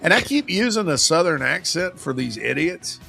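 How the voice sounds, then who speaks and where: Brief: male sports radio host, gravelly edge, bright forceful tone, chatty and joking, faint music underneath. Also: on the high side, big pitch swings. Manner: chatty and joking, quick asides. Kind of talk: casual sports talk.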